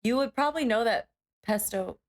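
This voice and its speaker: A woman's voice: on the high side, fairly quick. Woman chiming in with wry asides. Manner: reactive, short interjections and wry asides. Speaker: podcast co-host. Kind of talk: casual chat.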